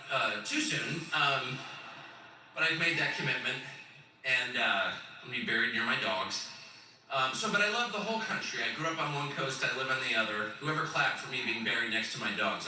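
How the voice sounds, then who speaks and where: A man in his fifties from California, hosting a live stage show with a sardonic, chuckling, animated storytelling manner in a large event hall. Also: mid-range voice. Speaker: host on a live stage tour. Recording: roomy echoing hall, distant mic.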